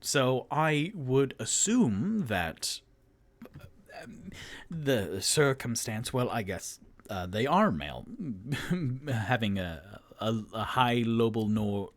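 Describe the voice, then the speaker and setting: A man's voice: mid-range voice, sing-song, slow, dry recording. A man narrating and running a tabletop roleplaying game on his own, chatty and self-deprecating with lots of fillers. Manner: chatty, many fillers, laughs at himself. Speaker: dungeon master and solo player.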